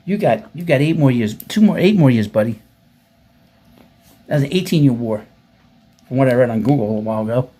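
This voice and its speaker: A man's voice: mid-range voice, lively intonation, brisk, long pauses, warm tone, breathy edge. Sarcastic man mocking online comments. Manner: profane, blunt. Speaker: commentary host. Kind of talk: casual commentary, reading comments.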